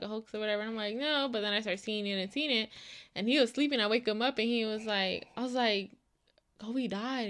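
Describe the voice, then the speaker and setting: A woman co-hosting a reaction channel, chatting casually and trailing off in a soft, musing way. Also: a little high. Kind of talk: casual chat.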